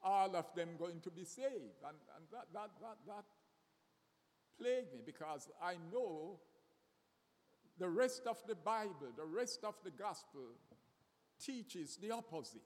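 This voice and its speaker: A man preaching a sermon slowly and deliberately, often repeating words as he searches for the next one. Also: high-pitched, expressive, a little mellow. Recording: long reverb of a hall.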